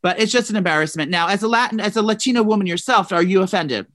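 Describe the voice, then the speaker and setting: A man co-hosting a casual celebrity gossip podcast, animated and profane, breaking into mocking impressions. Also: high voice, quick pace. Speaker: podcast co-host.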